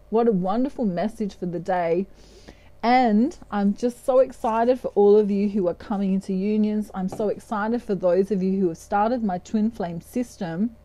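A woman's voice: mid-range voice, moderate pace, dark tone, rough recording. A chatty, upbeat woman from Australia with an Australian accent, giving a tarot reading and drifting off topic. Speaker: tarot reader.

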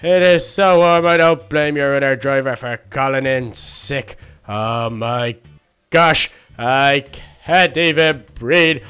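A man's voice: on the high side, a bit bright, clean tone, lightly acted. A man voicing a childlike male baby duck in a Minecraft role-play, chattering to himself and easily flustered. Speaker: fast-food worker in a game role-play.

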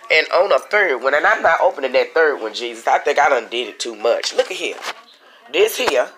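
A woman's voice: sits low, a bit bright, slight background noise. A woman, sick with a cold and short of breath, chatting and complaining to her viewers in a casual video diary. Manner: complaining, talkative, addresses viewers as y'all. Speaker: vlogger.

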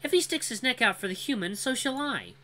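A storyteller voicing a clever, sharp-tongued young female wolf who runs a bakery. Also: medium pitch, animated, pitched above the performer's own voice. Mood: sassy. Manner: quick, sassy, sharp.

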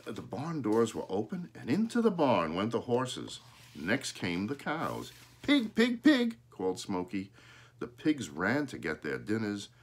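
A man reading a children's picture book aloud, expressive and showing the pictures. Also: on the low side, measured pace, slightly rough. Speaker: storyteller.

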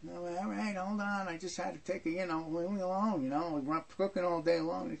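A man's voice: sits high, fairly even intonation, a little fast, gravelly. A man voicing his tired mother, mumbling her replies under her breath. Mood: grumbling. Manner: mumbling, muttering to herself. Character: weary grumbling housewife mother.

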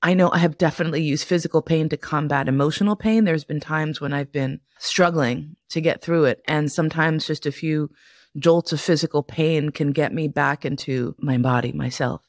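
A woman's voice: low-pitched, steady tone, normal speed, no echo, studio quality. A middle-aged woman hosting a podcast, telling stories casually, swearing freely and breaking into laughter. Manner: profane, laughs often while telling stories. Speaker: podcast host. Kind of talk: casual storytelling monologue.

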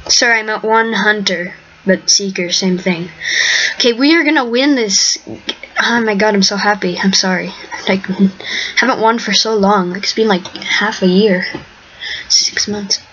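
A woman hosts her own game video, chatting and rambling as she comments live on the play and sometimes dropping to a whisper. Her medium-pitched voice is a bit bright and moves at a normal speed. A dull lo-fi mic adds faint hiss.

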